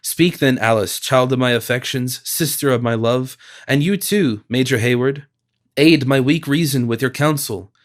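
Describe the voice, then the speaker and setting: Brief: man voicing a dignified elder sister, firm, solemn, steady and mid-pitched. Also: moderate pace, close to an everyday voice.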